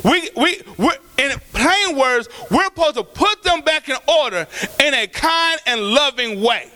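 Man, pastor, church sermon, very high voice, bright sharp tone, fervent, colloquial, shouts and soft asides. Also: animated, a little slow. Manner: colloquial, calls out to the congregation.

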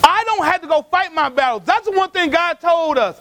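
A pastor preaching a sermon, telling stories from his own life in a folksy, colloquial way, acting out what people said and rising to shouts. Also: very high voice, lively intonation, a little fast. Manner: storytelling preacher, acts out quotes, rises to shouts.

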